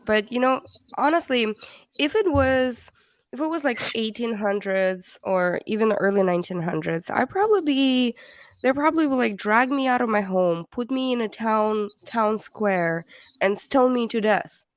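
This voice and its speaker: A woman's voice: a little high, normal speed, no room sound, clean studio sound. A woman hosting a casual livestream, reading comments aloud in a chatty way that laughs easily and trips over words. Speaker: livestream host.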